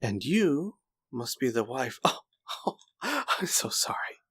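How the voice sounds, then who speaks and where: A man's voice: mid-range voice, sing-song, slow, sharp tone, husky, voice pushed up, exaggerated voice. A man voicing a sly older male swordsman who mocks and taunts with false politeness. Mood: mocking. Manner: sneering, condescending, mock-polite.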